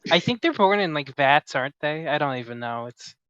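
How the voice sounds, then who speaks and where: Young male co-host with a sharp, bright voice, deadpan quips, recorded dry on a dull lo-fi mic. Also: fairly high pitch, fairly quick, clean tone, no room sound. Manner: dry, offhand jokes and quiet "mm-hmm" agreement. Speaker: podcast co-host. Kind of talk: casual chat.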